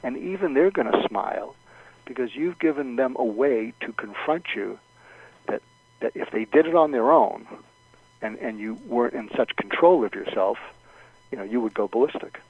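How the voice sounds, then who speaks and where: A man's voice: lively intonation, moderate pace, slightly rough, no room sound. A man giving advice as a guest on a radio talk show, explaining step by step and acting out sample lines of dialogue. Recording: dull low-fidelity radio sound.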